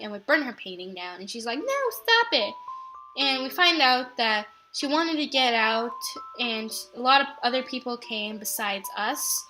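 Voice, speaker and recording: On a gaming channel, a young woman with a fairly high voice narrates her let's play of a horror game. She's chatty and excitable, often slipping into her characters' lines.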